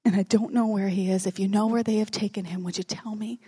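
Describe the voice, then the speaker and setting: A woman preacher voicing a grieving woman disciple who pleads in a hushed voice at an empty tomb. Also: mid-range voice, fairly even intonation, brisk, breathy edge, close to an everyday voice. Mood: hushed grief.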